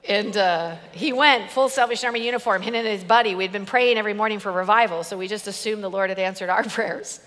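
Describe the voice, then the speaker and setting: Bright-voiced woman preaching in a hall. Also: mid-range voice, quick pace, few pauses, a little hiss or hum. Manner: emphatic, repetitive, storytelling with humor. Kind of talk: sermon.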